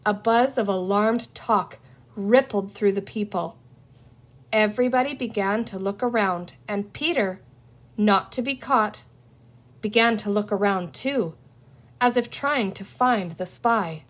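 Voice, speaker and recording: Slow, deliberate woman storybook reader. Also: medium pitch. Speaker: audiobook reader. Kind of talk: storybook narration read aloud.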